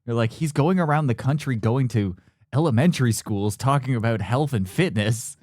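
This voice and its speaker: A man's voice: mid-range voice, moderate pace, darkish tone, no echo, clean studio sound. A man co-hosting a comedy podcast, riffing casually and laughing often. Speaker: podcast co-host.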